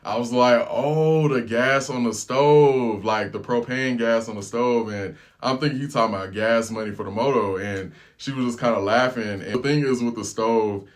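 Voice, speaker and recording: A man telling a casual story as a travel vlogger, animated and full of slang. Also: fairly low pitch, a little fast, hardly any pauses.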